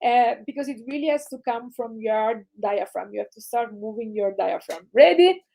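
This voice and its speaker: A woman's voice: fairly high pitch, moderate pace, vocal fry, slight background noise. A woman with an Italian accent, teaching a laughter yoga session over a video call, explaining and leading chanted exercises. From Italy. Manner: energetic, instructive, chanting ho ho ha ha. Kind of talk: guided group exercise session.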